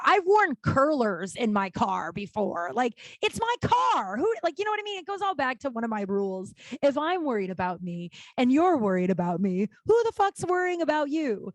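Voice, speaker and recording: A woman in her thirties hosting her own podcast, talking candidly in a rambling, profane way with many restarts and sudden animated outbursts. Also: high voice, moderate pace, few pauses, no room sound. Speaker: podcast host. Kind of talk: casual solo podcast monologue.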